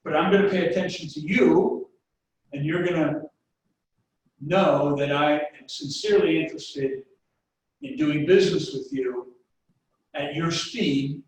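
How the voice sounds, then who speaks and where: Sales trainer, male, higher-pitched voice, folksy storyteller, recorded from a distance in an echoey room. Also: measured pace, long pauses. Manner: folksy, anecdote-driven, talks straight to the audience. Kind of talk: webinar sales presentation. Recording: echoey room, distant mic, faint noise.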